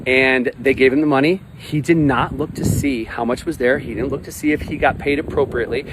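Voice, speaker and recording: Forties male coach talking to camera outdoors, blunt and emphatic with some swearing, traffic noise clearly heard. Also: mid-range voice, steady tone, brisk. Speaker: life coach. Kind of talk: motivational vlog monologue. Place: outdoors by a pond with ducks.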